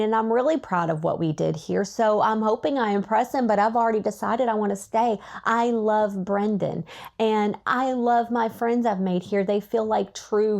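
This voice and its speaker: A woman's voice: mid-range voice, gravelly. Chatty woman retelling a story. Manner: chatty, animated retelling with laughs and acted-out quotes. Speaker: podcast host. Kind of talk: casual book recap.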